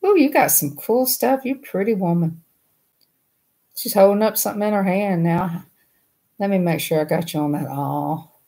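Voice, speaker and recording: A woman's voice: mid-range voice, moderate pace, pauses often, mellow. A woman hosting a casual livestream. She talks in a folksy, chatty way and laughs easily. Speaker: livestream host.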